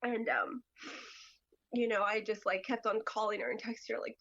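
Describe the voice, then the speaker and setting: A woman guest on a podcast, telling a personal story in a halting way, full of "like" and "you know". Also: fairly high pitch, flat delivery, a bit bright, highs cut off.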